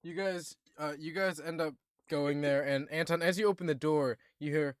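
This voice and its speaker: A man's voice: a little high, steady tone, normal speed, clear, resonant tone, no room sound, studio quality. A man narrating a tabletop game as game master, often hesitating with ums.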